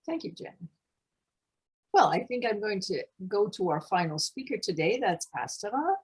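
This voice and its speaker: A woman's voice: mid-range voice, sing-song, moderate pace, slightly rough, rough recording. A middle-aged woman moderating an online panel over a video call, chatty and friendly, laughing between remarks. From United States. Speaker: forum moderator.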